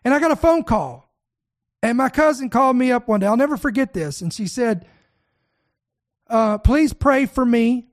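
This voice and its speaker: An older preacher hosting an online talk show, telling stories with animated emphasis, often repeating words and calling the listeners "guys.". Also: mid-range voice, normal speed, long pauses.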